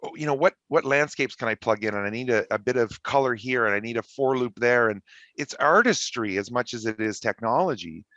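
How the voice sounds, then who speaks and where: A man's voice: medium pitch, lively intonation, a little fast, a bit bright, no room sound, muffled recording. A man speaking as an interview guest, talking enthusiastically and expansively about his work. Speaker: guest network engineer. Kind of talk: conversational interview.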